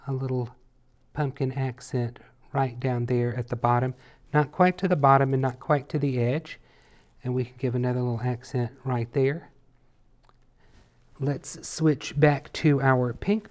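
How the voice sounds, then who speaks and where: A man teaching a painting lesson in a relaxed tutorial, chatty and playful as he talks while he works. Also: mid-range voice. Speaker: painting instructor.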